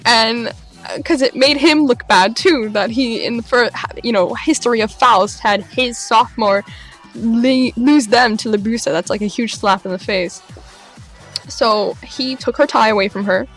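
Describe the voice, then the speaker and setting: A young woman recaps an adventure for her vlog in a lively, excited storytelling voice, pitched a little high. She jumps into the voices of the people she quotes, swinging her pitch up sharply. Soft music plays faintly behind her. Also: unhurried. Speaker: vlogger.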